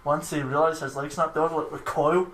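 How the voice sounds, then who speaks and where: A man's voice: on the high side, steady tone, a little fast, fairly bright tone, slight background noise. A young man, co-hosting a podcast, who tells stories in a laid-back, sweary way. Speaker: podcast co-host. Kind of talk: casual chat. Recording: echoey room with faint ambience.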